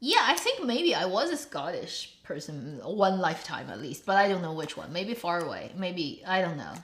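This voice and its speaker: A woman's voice: lowish voice, sing-song, moderate pace, fairly bright tone. A woman hosting her own show, chatting casually in a rambling way and laughing often. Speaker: host. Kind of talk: casual chat. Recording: roomy echo.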